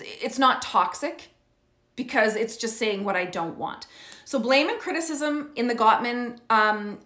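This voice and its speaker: A middle-aged woman coaches parents in an earnest, explanatory way, checking in with her listeners as she goes. Her voice sits a little high. The room gives it a noticeable echo. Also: a bit bright. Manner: earnest, checks in with frequent "okay?" and "right?". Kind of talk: teaching talk to parents. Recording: roomy echo.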